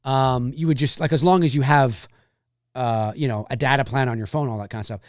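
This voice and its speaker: A man's voice: medium pitch, steady tone, a little fast, dry recording, clean studio sound. A man hosting a casual livestream, chatting in a meandering way and thinking aloud as he answers viewers. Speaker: livestream host answering chat.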